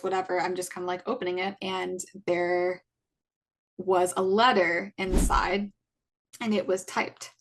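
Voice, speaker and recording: A woman's voice: medium pitch, little pitch movement, moderate pace. A woman in her twenties, a podcast co-host, casually recounting a personal story and acting out what people said to her. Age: 20s. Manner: retells events by acting out quoted exchanges; chatty, many likes and restarts.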